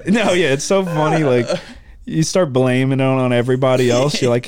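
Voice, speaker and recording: A man co-hosting a podcast in casual sports chat, swearing often and acting out his own reactions with sudden high yelps. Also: steady tone, fairly quick, crowd noise. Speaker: podcast co-host.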